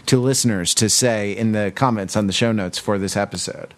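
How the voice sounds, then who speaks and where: A man's voice: fairly low pitch, fairly quick. A man co-hosting a podcast in casual chat, with a dry, understated, wry way of talking. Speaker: podcast co-host.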